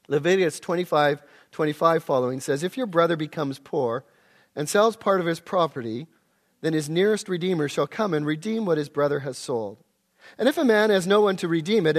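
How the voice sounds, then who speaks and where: A man preaching an expository sermon, explaining scripture and reading passages aloud. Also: sits high. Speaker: pastor.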